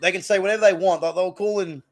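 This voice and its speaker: A man's voice: high-pitched, quick pace. Rambling Australian man hosting a stream. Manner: rambling, animated reactions to plays. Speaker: live stream watch-along host. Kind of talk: casual live commentary and chat.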